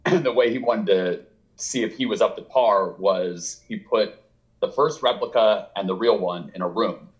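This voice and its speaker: Heard through a muffled recording, this author guest speaks a little slowly in a fairly low voice. In a relaxed interview he winds through a long, meandering story, voicing other people's lines with animation and laughter.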